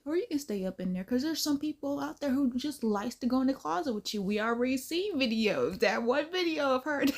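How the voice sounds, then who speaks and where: A woman talking loosely in a reaction video, laughing between remarks and drifting off mid-thought as she hunts for a name. Her voice sits at an everyday middle pitch and her tone stays relaxed and conversational. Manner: chatty and laughing, trailing off while searching for words. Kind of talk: casual reaction commentary.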